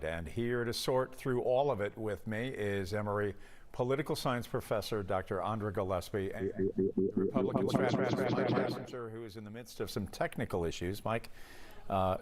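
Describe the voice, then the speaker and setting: Low-voiced male news anchor. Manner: measured, asks long multi-part questions. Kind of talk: broadcast news interview.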